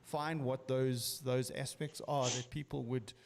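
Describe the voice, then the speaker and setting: Male podcast guest, middle pitch, reflective and agreeable conversational tone. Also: fairly even intonation, measured pace, vocal fry. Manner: thoughtful, agrees often, circles back to his point. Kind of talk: casual chat.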